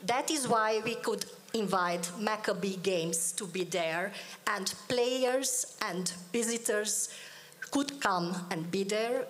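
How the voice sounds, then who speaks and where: A woman's voice: medium pitch, slight background noise. A woman giving a formal panel speech, emphatic and repeating key phrases. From Hungary. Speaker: politician on a panel.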